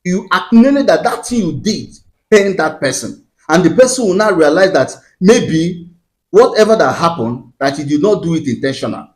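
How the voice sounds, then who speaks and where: A man's voice: high-pitched, expressive, normal speed, a little mellow. A man hosting his own channel, giving preachy marriage advice with repeated phrases and rhetorical questions. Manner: Christian framing of marriage. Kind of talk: preachy advice talk to camera.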